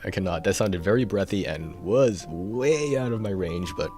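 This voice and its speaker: A man's voice: deep voice, animated, normal speed, music in the background. A man chatting casually on a live stream, rambling and self-deprecating, with a tired voice.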